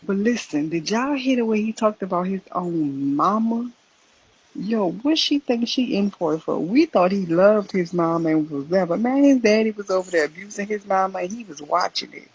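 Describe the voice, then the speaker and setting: A woman co-hosting a casual live-stream commentary, talking loudly and chatting straight to her viewers. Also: mid-range voice, lively intonation, normal speed, slightly rough, lo-fi sound. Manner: loud, chatty, addresses viewers as y'all.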